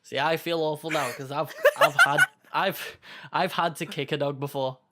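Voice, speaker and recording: A man's voice: on the high side, steady tone, moderate pace, very noisy. A man co-hosting a podcast, chatting in an easygoing, rambling way. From United Kingdom. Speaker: podcast co-host. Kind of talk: casual chat.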